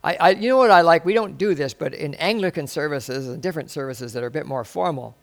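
A man delivering a sermon from the pulpit, his raised voice carrying a gravelly edge. He keeps breaking into exclamations and throwing rhetorical questions at the congregation, marveling aloud as he goes. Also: fairly high pitch, quick pace. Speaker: pastor.

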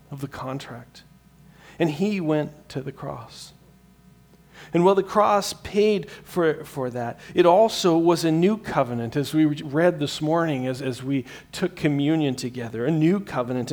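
A man preaching a sermon as pastor, earnest, swinging from emphatic peaks to hushed, slow lines, often repeating a word as he restarts. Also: medium pitch. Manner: repeats words as he restarts sentences.

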